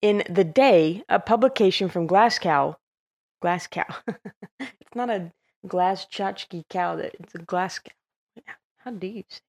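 A woman's voice: medium pitch, measured pace, gravelly, darkish tone. A woman hosting a podcast, talking in a playful, self-mocking way. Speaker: podcast host. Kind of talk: scripted podcast outro and blooper chat.

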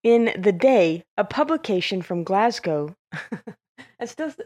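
A woman's voice: mid-range voice, expressive, measured pace, darkish tone. A woman hosting a podcast, talking in a playful, self-mocking way. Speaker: podcast host. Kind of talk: scripted podcast outro and blooper chat.

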